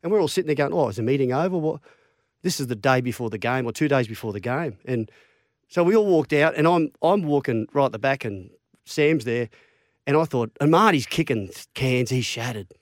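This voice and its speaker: A middle-aged Australian man, a former rugby league player, telling lively stories in casual chat and acting out the quotes. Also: a little fast, no echo, studio quality. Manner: animated yarn-spinner, acts out quotes with big pitch jumps.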